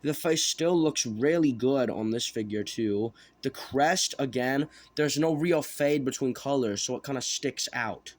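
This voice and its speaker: A man's voice: mid-range voice, unhurried, few pauses. Casual man reviewing a toy figure. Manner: rambling, self-correcting, thinking aloud.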